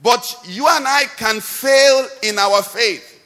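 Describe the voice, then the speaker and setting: A man preaching a sermon in a church, with animated, sing-song delivery that swings between loud and soft. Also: extremely high pitch, takes it slowly. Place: church hall. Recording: long hall reverb.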